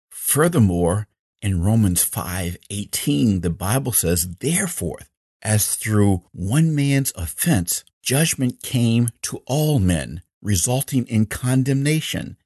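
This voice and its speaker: Male pastor, emphatic sermon delivery, slow and deliberate, husky lowish voice, dry close sound. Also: darkish tone, no echo. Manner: emphatic preaching, quoting scripture.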